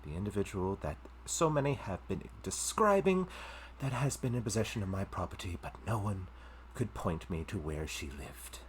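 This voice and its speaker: A man voicing a cold, haughty noblewoman in a live-streamed tabletop game, speaking in a measured, condescending way. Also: fairly low pitch, very animated, slight background noise. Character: cold, haughty noblewoman demanding her property.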